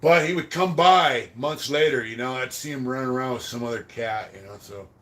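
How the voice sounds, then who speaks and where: Speaking fairly quickly in a mid-range voice, this podcast host swears his way through loose, wandering anecdotes from prison. He thanks viewers for super chats, and his sentences often fade out softly.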